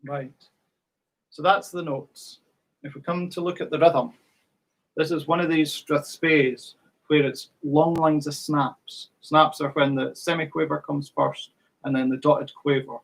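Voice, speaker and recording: Guy teaching fiddle online, kinda high voice, husky, counts you in. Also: steady tone, a little slow, low-quality recording. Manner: patient, counts in and sings rhythms. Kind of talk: online music workshop teaching.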